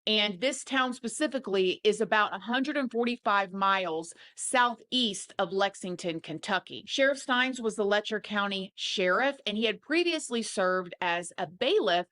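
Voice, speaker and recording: A woman's voice: medium pitch, lively intonation, moderate pace, few pauses, a bit bright. A woman narrating a true crime video in a chatty way, with casual fillers running through her telling of the case.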